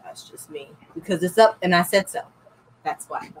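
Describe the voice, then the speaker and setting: A woman's voice: on the low side, moderate pace, husky, rough recording. A woman chatting casually with her brother, teasing him and giving playful mock advice. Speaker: guest's sister. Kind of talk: casual chat.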